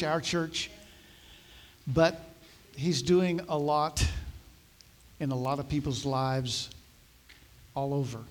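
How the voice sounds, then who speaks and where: A pastor preaching a sermon, speaking directly to his congregation. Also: fairly high pitch.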